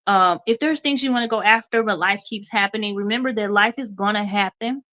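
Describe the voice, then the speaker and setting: A woman's voice: medium pitch, brisk, sharp tone, muffled recording. A woman hosting a radio show, giving an encouraging motivational talk and calling her listeners y'all, a little stuffy. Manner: encouraging, addresses listeners as y'all, repeats okay.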